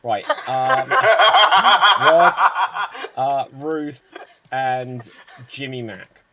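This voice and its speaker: A man hosting an online improv comedy show, explaining the games in a brisk, upbeat way. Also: mid-range voice, heavy background noise.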